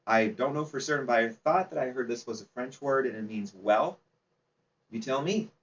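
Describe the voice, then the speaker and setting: A man's voice: mid-range voice, moderate pace, a bit bright. A man giving an informal slide presentation at a club seminar, chatty and quizzing his audience. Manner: chatty, asks the audience questions, laughs easily. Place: meeting room. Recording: distant, dull, faint background noise.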